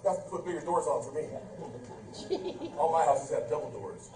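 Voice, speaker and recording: A man's voice: a little high, fairly quick, a crowd in the background. A male pastor preaching a fervent, emphatic sermon full of rhetorical questions and humorous asides. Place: church sanctuary, indoors. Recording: echoey church from far off, faint room noise.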